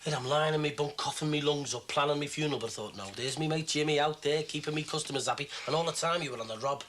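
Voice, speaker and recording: Indignant tradesman, played by a man, quick and high-pitched, soap drama. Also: fairly bright tone, a little hiss or hum, close to an everyday voice. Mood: aggrieved. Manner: aggrieved, self-pitying. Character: aggrieved tradesman man, self-pitying. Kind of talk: TV soap acting.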